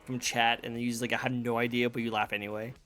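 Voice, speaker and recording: A man's voice: mid-range voice, flat delivery, fast, a bit bright. A man hosting a casual interview chat, rambling and laughing often. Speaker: interview show host. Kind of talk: casual chat over a call.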